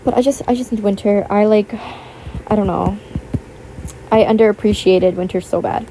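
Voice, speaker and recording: A young woman in her teens chatting casually, rambling with lots of fillers and a self-conscious, apologetic manner; her voice sounds a little rough. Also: medium pitch, normal speed, noisy background. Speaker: YouTuber. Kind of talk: casual chat over gameplay.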